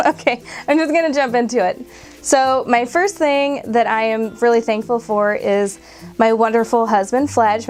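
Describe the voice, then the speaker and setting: A woman in her twenties vlogs casually to camera, emotional and near tears, laughing between her words. Her voice is a little high with a darkish tone.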